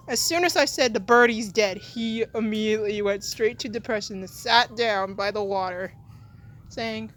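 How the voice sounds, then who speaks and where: Slow, soft-spoken woman rambling casually. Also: fairly high pitch, slight background noise. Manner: soft-spoken, wandering, talks to her pets. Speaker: channel host. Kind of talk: rambling casual vlog chat.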